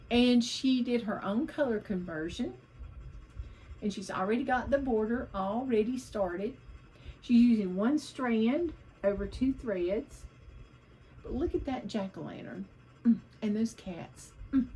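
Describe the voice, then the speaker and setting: A woman's voice: on the high side, a little mellow, a little hiss or hum, poor audio. A woman vlogging about her cross-stitch projects in a chatty, rambling way, hopping from one topic to the next.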